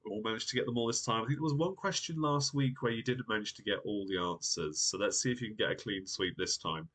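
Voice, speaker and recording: A man with a lowish voice runs a live-streamed quiz show. He talks in a chatty, upbeat way and reads out the viewers' guesses as he goes. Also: quick pace, a bit bright. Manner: chatty and upbeat, reading viewer comments aloud. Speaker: quiz host.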